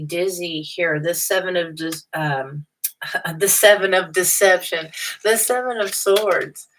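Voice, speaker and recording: A woman's voice: lowish voice, a bit bright, far from the mic, rough recording. A woman giving a casual tarot reading, blunt and chatty, with many fillers and restarts. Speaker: tarot reader.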